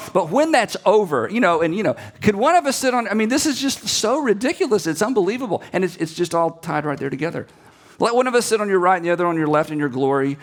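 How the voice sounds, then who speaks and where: Animated, lively-pitched man preaching. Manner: animated storyteller who acts out quotes and drops to quiet emphasis. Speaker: pastor. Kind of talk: sermon-style talk to seminary students.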